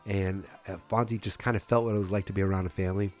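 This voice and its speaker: A man's voice: sits low, fairly even intonation, fast, a little mellow. A man hosting a podcast, recapping casually in a rambling way with many fillers and restarts. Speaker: podcast host.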